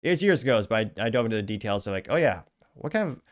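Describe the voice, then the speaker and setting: A man's voice: fairly low pitch, very animated, racing. A man hosting a political commentary show, reading social media posts aloud and reacting with sarcastic, muttered asides.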